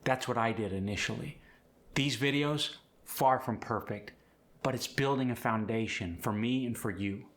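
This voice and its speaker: Male accent coach hosting a tutorial, bright and forceful tone, clear and explanatory delivery. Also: medium pitch, normal speed. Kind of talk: instructional tutorial.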